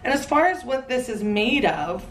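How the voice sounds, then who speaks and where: A woman in her thirties giving a chatty, playful fashion haul commentary with quick asides. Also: a little high, very animated, echoey room, distant mic, faint music behind. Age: 30s. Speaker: fashion vlogger.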